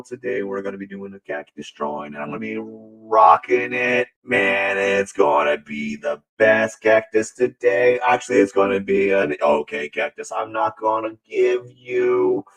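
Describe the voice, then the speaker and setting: A man hosting his art livestream, chatting in a goofy, rambling way with bursts of playful shouting. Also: mid-range voice, breathy edge. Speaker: livestream artist host. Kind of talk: casual drawing livestream chat.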